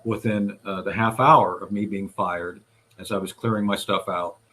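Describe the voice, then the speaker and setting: A man recounting a series of events in recorded testimony, speaking deliberately with frequent hesitations and restarts. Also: sits low, steady tone, sharp tone. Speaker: whistleblower advocate recounting events. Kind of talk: recorded testimony played on a radio show.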